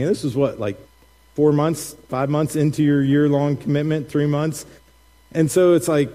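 A middle-aged male pastor preaches in an animated storytelling way, laughing and acting out quotes. His voice is fairly high for a man, with a mellow, soft tone, and a long reverb trails after his words in the large room. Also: moderate pace. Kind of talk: sermon with personal storytelling. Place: church sanctuary.

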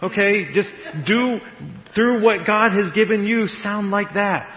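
A man's voice: high voice, measured pace. Man preaching in an echoey hall. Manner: conversational, animated, laughs at own jokes. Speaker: pastor. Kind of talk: sermon. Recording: echoey hall, dull radio-like sound.

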